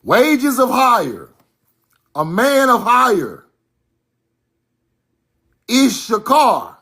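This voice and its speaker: Slow, emphatic man lecturing over slides. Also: very high-pitched, wildly swooping pitch, vocal fry, bright, forceful tone, breathy edge. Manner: emphatic, repeats points, directs slides.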